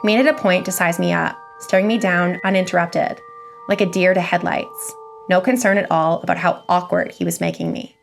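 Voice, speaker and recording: A woman narrates a scary story in a measured, even way. Her voice is low and gravelly, and quiet music runs underneath. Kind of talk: scripted horror story reading.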